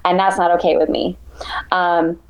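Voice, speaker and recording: A woman ultrarunner, a guest in an interview, telling her race story in an animated, emotional way. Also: fairly low pitch, moderate pace, muffled recording. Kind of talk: conversational interview.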